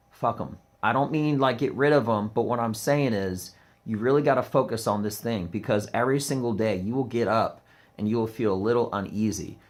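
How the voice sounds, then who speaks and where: A comedian ranting to camera, rambling and emphatic, with lots of "um" and "like". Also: male voice, mid-range voice.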